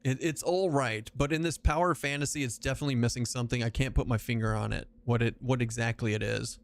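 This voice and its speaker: A man's voice: medium pitch, a little fast, a little hiss or hum. Joking, profane male game streamer. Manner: joking, profane, rambling asides. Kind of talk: casual livestream chat while gaming.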